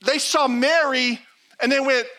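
This middle-aged man has an extremely high-pitched voice and takes his time as he preaches. Telling stories from the pulpit, he brings the characters to life by performing their lines.

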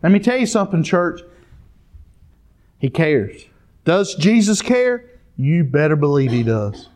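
A man's voice: a little high, very animated, measured pace, a little mellow. A man preaching a sermon, telling stories and calling out to the congregation. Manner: storytelling, addresses the congregation directly.

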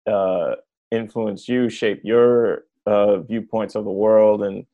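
A man hosting a casual interview over a video call, asking questions in a halting way with many restarts. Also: fairly low pitch, level tone, phone-quality sound. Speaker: interviewer host.

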